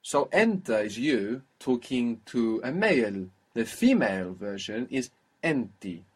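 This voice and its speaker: A man's voice: mid-range voice, big pitch swings, normal speed, breathy edge. A man teaching a spoken language lesson, patiently prompting and praising his student.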